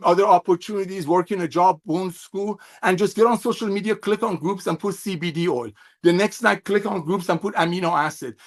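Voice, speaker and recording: A middle-aged man giving a fervent, preachy sales training talk over a video call, firing off rhetorical questions and gushing praise. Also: high voice. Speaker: network marketing trainer.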